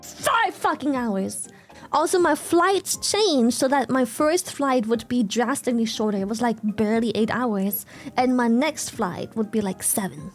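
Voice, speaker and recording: High-voiced excitable woman streamer. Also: normal speed, faint music behind. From Germany. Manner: excitable, swears freely, animated storytelling. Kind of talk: casual chat.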